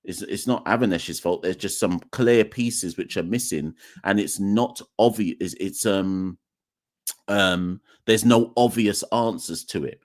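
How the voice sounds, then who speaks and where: A man's voice: deep voice, unhurried. A man hosting a live cricket podcast, talking emphatically, repeating his points and speaking straight to the chat. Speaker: podcast host. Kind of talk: live-streamed call-in commentary.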